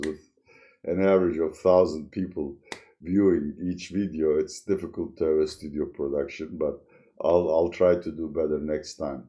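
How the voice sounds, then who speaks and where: A man's voice: low-pitched, mellow. A man hosting his own commentary channel, talking in a wry, sardonic way and chuckling as he explains things. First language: Turkish. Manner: wry, sardonic, chuckles through serious points. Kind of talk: solo video commentary.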